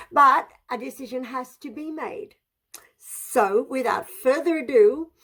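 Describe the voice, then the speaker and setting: Woman, jury member, effusive, emphatic, slow, somewhat high. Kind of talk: jury vote announcement.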